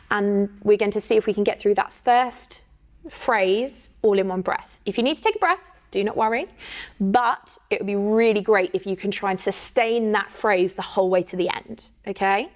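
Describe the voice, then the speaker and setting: A woman's voice: mid-range voice, moderate pace. A woman, teaching an online singing workshop in an encouraging way and checking in often with "okay?". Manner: counts in and sings demo phrases.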